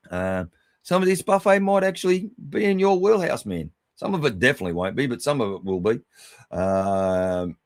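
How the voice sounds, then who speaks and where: Lower-voiced man giving matey shout-outs. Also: dry recording. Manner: matey and affectionate, swears freely. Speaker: livestream host. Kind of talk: casual livestream shout-outs.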